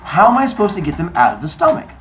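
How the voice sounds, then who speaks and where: A man voicing an eager, naive young god who talks loudly and excitedly. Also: high voice, racing, distant mic, a little hiss or hum, pitched above the performer's own voice, heavily acted. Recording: echoey room.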